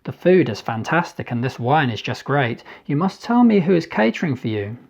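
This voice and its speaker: A man voicing a jovial Ukrainian embassy man with a thick Ukrainian accent, speaking heartily and loudly in an audiobook reading. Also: medium pitch, sing-song, moderate pace, gravelly, breathy edge, dull audio, full character voice.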